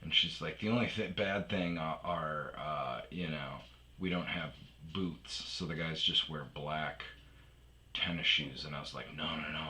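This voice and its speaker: A man from Wisconsin with a deep, slow voice and a sharp, bright edge, spinning a loose, profane comic story that drops into mumbles. A faint hiss of noise sits under him. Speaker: storytelling podcaster.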